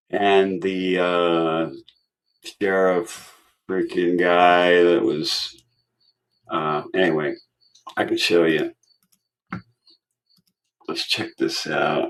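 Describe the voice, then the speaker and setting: A man hosting his own online show in a casual, rambling chat, tired and cursing freely as he tells stories. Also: low voice. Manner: profane, rambling storytelling.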